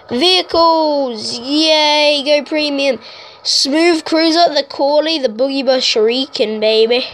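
A woman with a high, bright voice, commentating on a video game in a casual, excitable way. She talks at an unhurried pace, calling out to her viewers. Faint music plays in the background. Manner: excitable, exclaiming and talking to viewers. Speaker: gaming YouTuber. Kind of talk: casual let's-play commentary.

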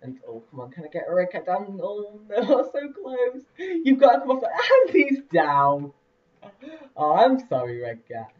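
Young male let's-player, lively higher voice, rambling chatty delivery, distant dull mic. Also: unhurried. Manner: chatty, rambling, lots of fillers and laughs. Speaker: let's play host. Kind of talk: casual gameplay commentary.

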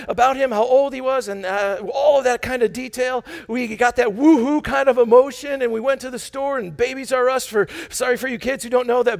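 A pastor preaching in a church sanctuary, a man with a very high, gravelly voice. He preaches with bursts of enthusiasm and loud exclamations, and he makes joking asides to the congregation. He often restarts and repeats words mid-sentence. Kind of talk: sermon.

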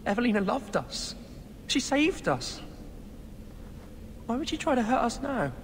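An anxious young refugee, high and reverberant. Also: male voice, very animated, measured pace, background noise, heavily acted. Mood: troubled. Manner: troubled, pleading. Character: worried young male refugee, anxious and grateful. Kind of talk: video game dialogue. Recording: long hall reverb over loud game music.

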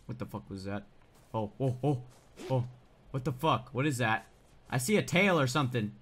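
A man giving let's play commentary as a gaming YouTuber, excitable and swearing, often yelling in surprise. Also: mid-range voice, normal speed, slight background noise. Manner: excitable, swearing, frequent startled outbursts.

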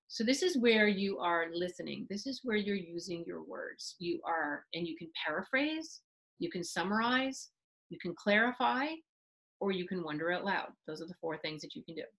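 A middle-aged woman teaching a parenting webinar, explaining with lively asides and acted-out examples. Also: medium pitch, rough recording. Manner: animated, acts out parent and child voices mid-explanation. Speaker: parenting therapist giving a webinar.

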